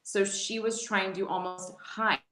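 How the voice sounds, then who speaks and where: A woman in her forties, a guest telling a personal story in a casual interview, animated and quick to laugh, often restarting her sentences. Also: mid-range voice. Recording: echoey room.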